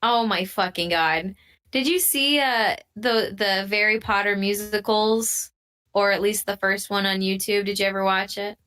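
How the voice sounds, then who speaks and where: Bright, excitable woman podcast co-host. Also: medium pitch, a little slow, smooth. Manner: excitable and gushing, swears freely. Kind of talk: casual chat.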